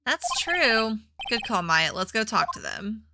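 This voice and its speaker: A woman's voice: on the high side, very animated, unhurried, very noisy. A woman reading a flustered young lawyer. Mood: eager. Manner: hesitant, apologetic. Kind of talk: reading game dialogue aloud. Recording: game music playing behind.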